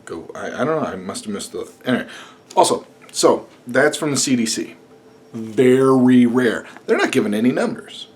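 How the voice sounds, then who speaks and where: A man's voice: mid-range voice, very animated, a little fast. A man vlogging casually at home at night, rambling, joking and swearing as he reads notes to the camera. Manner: rambling, sarcastic, swears and jokes.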